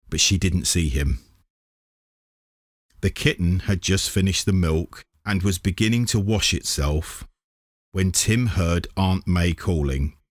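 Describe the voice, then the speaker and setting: A man reads a children's storybook aloud in a calm, measured way. His voice sits fairly low and he goes slowly. The sound is close and dry, with no room echo. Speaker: reader. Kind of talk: storybook narration.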